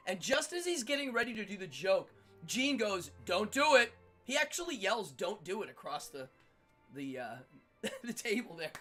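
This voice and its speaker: A middle-aged man hosting a livestream, telling stories in a casual, animated way with frequent laughter. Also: high voice. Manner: animated, laughs often, acts out quotes. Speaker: livestream host. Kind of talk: casual storytelling chat.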